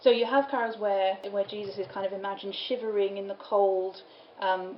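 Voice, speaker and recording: A woman giving a lecture at a study day, explaining medieval poems and reading lines aloud, with an easy laugh now and then. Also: mid-range voice. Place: lecture room. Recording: roomy, dull, with faint room noise.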